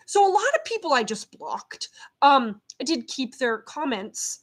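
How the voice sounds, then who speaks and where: A middle-aged woman, a behavior consultant, talking casually to her camera in a feisty, loud, fired-up way. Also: high voice, very animated, unhurried. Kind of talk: casual vlog talk to camera. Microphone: camera set up at home.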